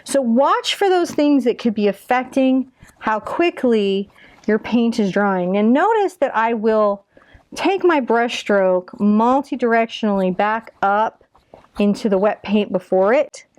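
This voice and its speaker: A woman's voice: a little high, expressive, unhurried, darkish tone, no echo, studio quality. A woman teaching a step-by-step painting tutorial, chatty and encouraging as she talks through each brush stroke.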